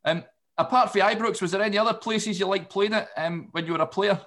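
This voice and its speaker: A man hosts the interview, prompting his guest with questions and brief nods of agreement. His voice sits slightly high for a man. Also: quick pace, fairly bright tone. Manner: encouraging, short acknowledgements. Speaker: interviewer, host. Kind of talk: casual interview.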